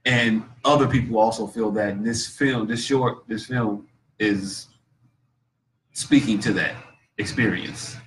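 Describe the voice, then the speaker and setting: A man's voice: fairly low pitch, measured pace, a bit bright, distant mic, slight background noise, poor audio. A man, a guest comedian and actor, chatting casually on a podcast in a laid-back, slangy way, often repeating himself.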